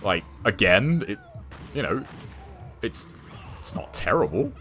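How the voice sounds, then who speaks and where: A man's voice: lowish voice, very animated, slow pace, fairly bright tone. A young man streaming a game, chatting in a rambling way and swearing at the game from his home setup. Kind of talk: casual gameplay commentary. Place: home gaming setup with two monitors.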